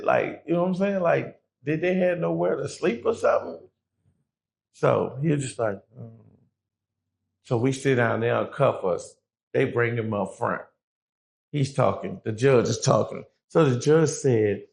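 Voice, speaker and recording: A man telling a story as a podcast guest, animated and swearing freely, acting out what people said. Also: mid-range voice, a little slow, creaky. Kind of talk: casual storytelling.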